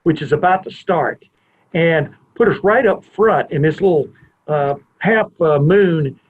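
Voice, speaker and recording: A man's voice: on the high side, measured pace, slightly rough. A man hosting a podcast, telling a long rambling anecdote from his home and often wandering off on tangents. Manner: rambling, digressive storyteller. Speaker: podcast host. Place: home family room. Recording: tinny phone-like line.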